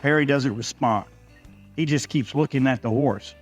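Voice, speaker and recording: A man's voice: medium pitch, moderate pace, husky, faint music behind. A man narrating a first-person ranch story in a dry, folksy way, with a Texan accent.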